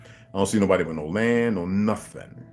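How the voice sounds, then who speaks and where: A man hosting a casual stream from home, talking straight to his viewers in a loose, profane, animated way before reading a book aloud. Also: low voice, moderate pace, soft background music. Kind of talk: casual livestream chat. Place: home room.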